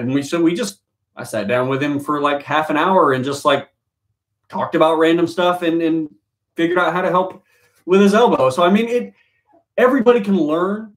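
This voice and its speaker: Fitness trainer guy rambling on a stream, restarts a lot, kinda high voice. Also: normal speed. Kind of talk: casual live-stream chat.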